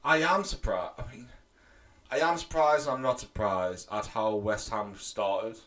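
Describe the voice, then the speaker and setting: A man's voice: lowish voice, a little slow, fairly bright tone. Blunt teasing man. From North East England. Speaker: podcast co-host. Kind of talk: casual chat.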